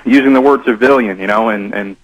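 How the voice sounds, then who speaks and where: Halting male radio caller. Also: fairly low pitch, muffled recording. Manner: halting, agreeable talk. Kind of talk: call-in radio talk.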